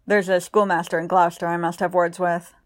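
A woman voicing a wry, teasing, relaxed man from Yorkshire in a read-aloud story, in a dry way. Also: fairly low pitch, a little fast, dry recording, lightly acted.

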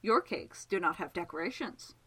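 A laconic, faintly sulky manservant, dry and clipped in every reply, as a woman reads him. His lines still swing across a lively pitch range. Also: moderate pace, breathy edge, full character voice. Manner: dry, terse, a little sulky.

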